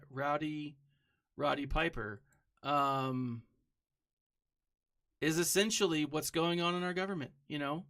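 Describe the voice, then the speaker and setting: While gaming on a live stream, a young man with a voice on the high side rambles casually between moves, occasionally humming or calling out a greeting to a viewer.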